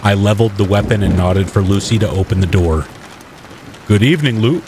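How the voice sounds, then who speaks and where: A man narrating a first-person horror tale with steady, measured delivery. His voice sits low, and a faint patter of rain plays softly underneath. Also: background noise. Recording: faint rain ambience mixed behind the voice.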